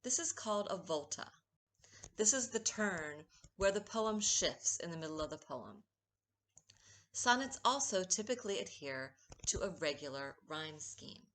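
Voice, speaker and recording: Woman poet, low voice, unhurried, steady teaching read of a recorded poetry lesson. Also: slight background noise. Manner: slow, measured, stresses rhythm when reading verse.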